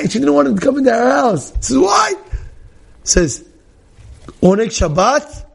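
Gravelly, animated rabbi teaching a class. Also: male voice, extremely high pitch, moderate pace, pauses often. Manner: animated, repeats phrases, acts out quoted people. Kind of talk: lively Torah class to a small group.

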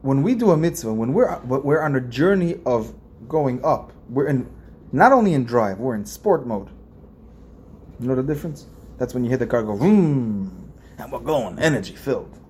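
A man's voice: mid-range voice, very animated, moderate pace, a little mellow, a little hiss or hum. A man, a rabbi, giving an informal religious lesson in a conversational way, repeating phrases and asking his listeners questions. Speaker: rabbi teaching a class.

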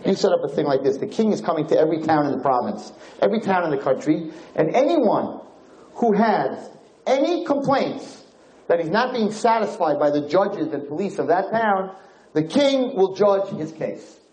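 A man voicing a shrewd queen who lays out a plan in a deliberate, persuasive way. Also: high-pitched, very animated, a little mellow, echoey room, voice pushed up, poor audio. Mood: scheming.

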